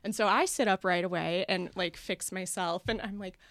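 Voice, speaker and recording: A young woman comedian telling a story, lively and animated, laughing often and acting out what others said. Her voice sits at a middle pitch. The sound is close and dry, with no room echo. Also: moderate pace, few pauses. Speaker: comedian guest. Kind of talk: casual podcast storytelling.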